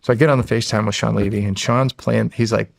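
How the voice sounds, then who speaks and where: An American man in his forties, guesting on a podcast, tells a story casually in a lowish voice with vocal fry and a quick pace. He's an animated storyteller who acts out what people said and swears freely. The recording is clean studio sound with no echo.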